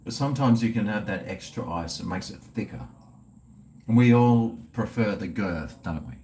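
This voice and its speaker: A man's voice: fairly low pitch, lively intonation, moderate pace, darkish tone, a little hiss or hum. A middle-aged man with an Australian accent, chatting casually and profanely with livestream viewers while drinking. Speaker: livestream host.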